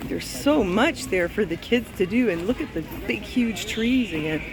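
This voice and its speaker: In this casual walking vlog, a Canadian travel vlogger gushes and exclaims into her handheld phone while making her way through an outdoor city park. Her mid-range voice is animated at normal speed, the recording is rough, and park noise fills the background.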